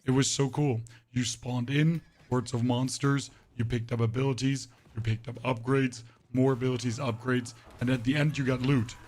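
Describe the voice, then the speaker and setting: A man streams a game live, chatting and rambling to his viewers as he plays. His voice is pushed deeper than usual and sounds off and hoarse, with little emphasis. He keeps a steady, darkish tone at normal speed with few pauses.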